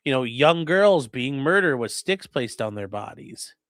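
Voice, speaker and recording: A man hosting a livestream as an attorney, giving sarcastic, animated legal commentary. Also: mid-range voice, measured pace, no room sound. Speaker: attorney and channel host.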